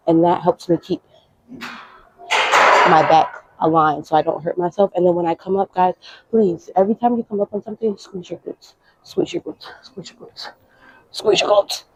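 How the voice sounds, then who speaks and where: A woman's voice: on the low side, a little mellow, a little hiss or hum. Young woman fitness vlogger, slangy, out of breath, dull lo-fi. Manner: chatty, coaching, slangy. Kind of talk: casual workout instruction.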